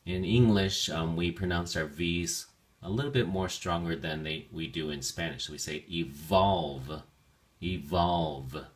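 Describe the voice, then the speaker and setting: A man teaching English vocabulary to learners, repeating each word slowly and carefully with clear enunciation and occasional ums. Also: deep voice. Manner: slow, careful enunciation of words. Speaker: ESL teacher. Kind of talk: vocabulary lesson narration.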